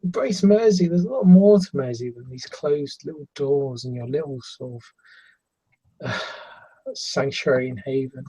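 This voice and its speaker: A man voicing a bubbly, teasing young girl in a tabletop game, with a high, fussing voice. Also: moderate pace, mellow, slightly rough, lightly acted, rough recording. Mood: coaxing.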